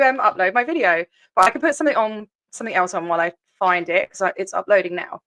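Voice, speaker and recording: A woman's voice: medium pitch, expressive, fairly quick, a bit bright. An Australian woman hosting a casual livestream, chatty and rambling with frequent ums, greeting viewers while feeling a bit sick. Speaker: livestream host.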